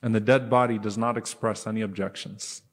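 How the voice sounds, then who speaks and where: A man preaching a sermon on stage, animated and acting out his examples with his voice rising for emphasis. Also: fairly low pitch, fairly quick. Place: stage in a large hall. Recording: long hall reverb.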